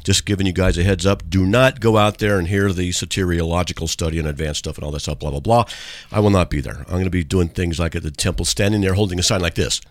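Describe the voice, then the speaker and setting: A man's voice: low-pitched, fast, no room sound. A man hosting a call-in radio show from a studio, talking in a casual, joking and rambling way.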